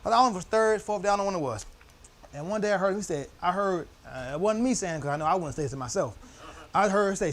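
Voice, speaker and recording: A man's voice: high voice, lively intonation, fast, fairly bright tone. A young man leading a church Bible study, telling loose personal stories with slang and frequent laughter.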